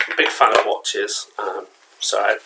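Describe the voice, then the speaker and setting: Here the man's pitch sits fairly low, his tone steady and his pace moderate, against a noisy background. With an English accent, he chats casually at home as a collectibles vlogger, wandering along with frequent fillers and restarts.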